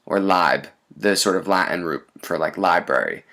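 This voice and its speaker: A man's voice: low voice, moderate pace, gravelly, pushed and bright. A man teaching in a recorded lesson, explaining step by step and often checking in with "right?". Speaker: language teacher.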